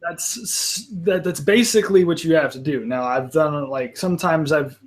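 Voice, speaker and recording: A man's voice: a little high, normal speed. Chatty man with a raised voice. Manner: rambling, restarts often, apologetic asides. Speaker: panel host. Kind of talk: casual live panel chat.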